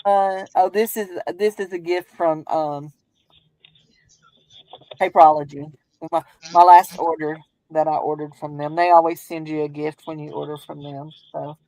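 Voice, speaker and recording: A woman's voice: deep voice, steady tone, moderate pace, dark tone, no room sound, poor audio. Folksy Southern woman streaming her crafts. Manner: rambling, folksy, laughs often. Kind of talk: casual chat while crafting.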